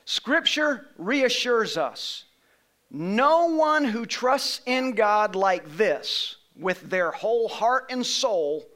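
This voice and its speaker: A man preaching a sermon to a congregation, emphatic and rising to shouts on key phrases, leading call-and-response. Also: sits high, lively intonation, very slow. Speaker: pastor. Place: church sanctuary.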